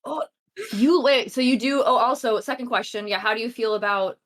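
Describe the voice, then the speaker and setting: A woman player chatting in an animated, scattered way, jumping between thoughts. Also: a little high, brisk. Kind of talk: casual chat.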